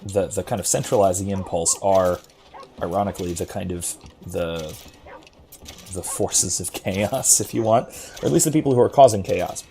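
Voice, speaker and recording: A man's voice: sits low, moderate pace, mellow. A man from Florida with a general American accent, casually talking philosophy while he plays a game, thoughtful and rambling with many fillers and restarts. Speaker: streamer. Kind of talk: casual chat while gaming.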